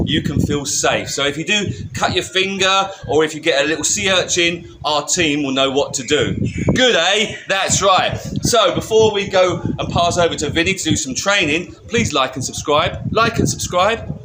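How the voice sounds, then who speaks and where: A man's voice: on the high side, bright, forceful tone, a little hiss or hum. Playful, upbeat male vlog host. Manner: playful, jokey, repeats himself for laughs. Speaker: company video host. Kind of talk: jokey promo vlog.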